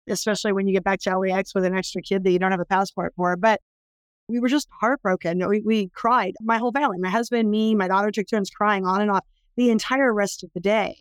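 As an interview guest, a middle-aged anti-trafficking worker from California shares a personal story, emphatic and intense and climbing toward impassioned pleas. Her mid-range voice has a clean tone, with no room sound.

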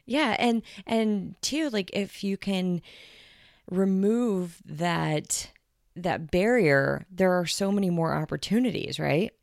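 A woman's voice: on the low side, slow pace, gravelly, no room sound, clean studio sound. A woman hosting a casual interview, affirming her guest with short reactions and follow-up thoughts. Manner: warmly affirming, brief reactions.

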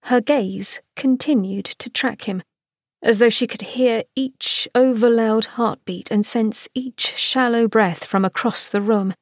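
A woman giving a scripted, expressive narration of a romance novel excerpt. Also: a little high, unhurried, no echo, studio quality. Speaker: podcast host reading a novel excerpt.

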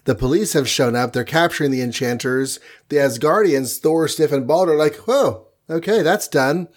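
A man in easygoing conversation, recapping a comic issue with playful energy. He tosses in quick goofy voices for the characters as he goes. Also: medium pitch. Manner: playful, retells scenes with quick mock voices. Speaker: podcast co-host recapping comics. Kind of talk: casual chat.

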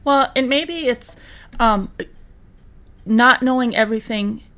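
A woman's voice: on the high side, slow pace, bright, forceful tone. Chatty Minnesotan woman with a raised voice. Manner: chatty, laughs easily. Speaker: podcast co-host. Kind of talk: casual chat.

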